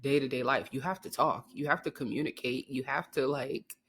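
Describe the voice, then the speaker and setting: A young woman co-hosts a casual podcast in a notably deep voice. She talks in a flat, monotone, matter-of-fact way. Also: fairly quick, breathy edge. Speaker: podcast co-host. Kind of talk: casual chat.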